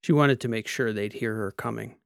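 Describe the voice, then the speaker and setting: Brief: man narrating fiction, measured pace, gravelly tone, dry close sound. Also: on the low side, no room sound. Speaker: audiobook narrator. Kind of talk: scripted narration.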